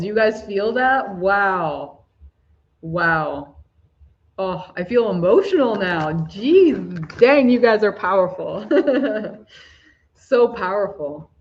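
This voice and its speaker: A woman hosting a live spiritual talk for chat viewers, soft-spoken and gushing, often breaking into laughs. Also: mid-range voice, muffled recording. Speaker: spiritual livestream host.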